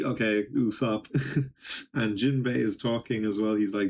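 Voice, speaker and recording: A man's voice: fairly low pitch, fairly even intonation, unhurried, darkish tone, a little hiss or hum. A young man casually reading and recapping a comic, rambling with many ums and little laughs. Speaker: manga reaction streamer.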